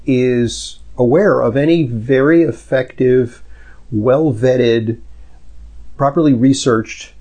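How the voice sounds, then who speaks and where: A man's voice: mid-range voice, slow, warm tone. Middle-aged male doctor, podcast host; casual, anecdotal, filler-heavy, mid-range voice. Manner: rambling, anecdotal, lots of fillers. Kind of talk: medical Q&A podcast chat.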